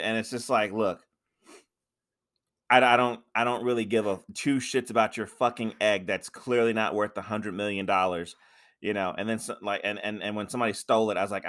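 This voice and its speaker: A man co-hosting a casual podcast, ranting loudly with lots of swearing and restarts. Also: fairly low pitch, steady tone, fairly quick. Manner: ranting, profane, repeats himself. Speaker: podcast co-host. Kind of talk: casual wrestling chat.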